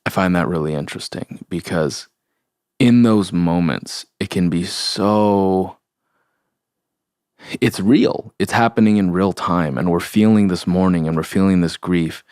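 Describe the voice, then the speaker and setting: Young male podcast host, slow searching delivery, dry close sound. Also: low-pitched, a little mellow, no echo. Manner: slow, halting, searching for words with many fillers; sincere, open about grief. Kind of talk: reflective solo podcast talk.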